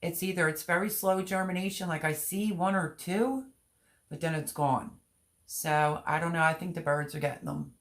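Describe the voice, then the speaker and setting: A gardening channel host, a woman with a lowish voice at an ordinary speed, runs a live stream. She chats casually and rambles, holding up seed packets and reading viewer comments aloud before answering them.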